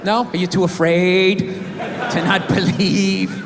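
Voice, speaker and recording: A man's voice: high voice, level tone, slow, creaky. A man doing a stand-up routine, ranting, profane and sarcastic, over audience laughter. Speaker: stand-up comedian. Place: live theater stage. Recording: echoey hall with loud crowd.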